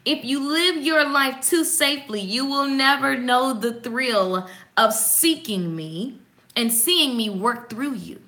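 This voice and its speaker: A woman with a bright, forceful, fairly high voice gives a casual morning devotional to her viewers. She reads short passages, then breaks them down in an animated, preachy way, coaxing and encouraging as she goes. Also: slow. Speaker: host giving a morning devotional.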